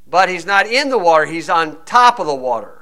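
A man's voice: fairly high pitch, sing-song, a little fast, bright, forceful tone. A man preaching a conversational sermon, reading scripture verses aloud and stopping to explain them with wry, folksy asides. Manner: reads old-style verses, then breaks into wry, folksy asides.

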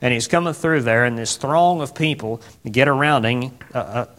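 A man preaching a sermon in a rambling way, with many fillers and pauses, now and then rising into loud, emphatic bursts. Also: medium pitch.

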